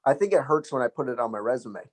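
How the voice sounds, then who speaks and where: A man's voice: medium pitch, expressive, fast talker. Laid-back man with dry humor. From United States. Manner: laid-back, dry jokes, laughs often. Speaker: comedian guest. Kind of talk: casual comedic chat.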